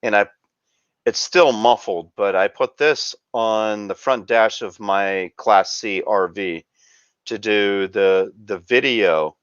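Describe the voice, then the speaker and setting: A man's voice: fairly low pitch, takes it slowly, fairly bright tone, clear, resonant tone, no echo. A man hosting a casual chat show, rambling through camera gear with lots of fillers. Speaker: show host. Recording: dull lo-fi dry sound.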